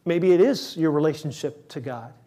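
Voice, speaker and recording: A male pastor preaching a sermon, shifting between lively acted-out quotes and soft, slow, quiet lines, with self-deprecating humor. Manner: animated, acts out quotes with rising pitch and volume; self-deprecating humor, laughs at own slips.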